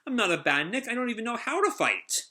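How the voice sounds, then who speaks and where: A man's voice: very high voice, big pitch swings, fast, sharp tone, voice pushed up, exaggerated voice. A man voicing a nervous young female wooden puppet, apologetic and yelping.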